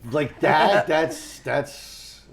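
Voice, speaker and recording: A man, a guest on a talk show, telling rambling stories with a lot of restarts and getting animated as he goes. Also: a little high, extremely slow, creaky, crowd noise. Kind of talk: casual storytelling on a talk show.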